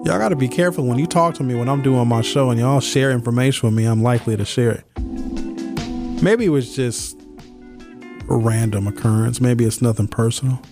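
A man hosting a radio talk show, speaking casually and telling stories in slangy, animated speech. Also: medium pitch, a little fast, over music. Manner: animated storytelling, slangy, reads listener texts. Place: radio studio. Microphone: studio microphone.

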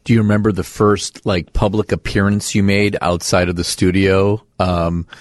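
Low-voiced man interviewing enthusiastically. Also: little pitch movement, normal speed, no room sound, clean studio sound. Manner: enthusiastic, affirming. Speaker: podcast interviewer. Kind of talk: casual interview.

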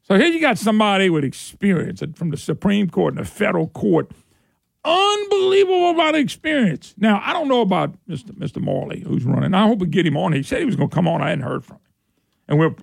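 A man's voice: on the high side, gravelly, no room sound, studio quality. A man hosting a talk radio show, rambling in a folksy way and mocking people in put-on voices. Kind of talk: casual talk radio monologue.

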